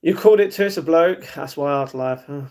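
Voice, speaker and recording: A man's voice: fairly high pitch, fast, a little mellow. Blunt man giving advice. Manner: blunt, repetitive advice-giving, with frequent restarts. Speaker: streamer. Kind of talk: casual livestream chat, reading viewer comments.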